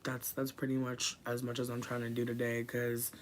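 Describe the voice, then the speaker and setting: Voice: medium pitch, completely flat delivery, normal speed, a little hiss or hum. Rambling, profane livestreamer. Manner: rambling, profane, drifts between quiet mutters and loud bursts. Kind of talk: casual livestream chat. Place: room at home.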